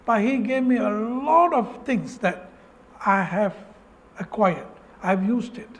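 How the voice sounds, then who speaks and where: A man's voice: high-pitched, lively intonation, takes it slowly. A man from Penang with a Malaysian English accent, telling his own life story in an earnest, emotional way, often breaking off and repeating phrases. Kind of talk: personal story speech.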